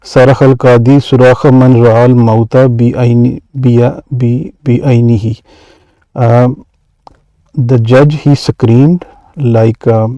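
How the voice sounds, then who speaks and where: A male grammar teacher explaining lesson examples, reading lines quickly and then translating them, with many fillers and restarts. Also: medium pitch, dark tone, no room sound, low-quality recording.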